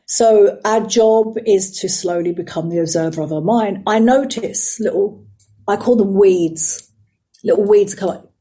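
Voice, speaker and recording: A middle-aged woman, a psychotherapist and life coach, talking earnestly and slowing down to stress her words. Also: medium pitch, dark tone. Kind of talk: reflective coaching talk.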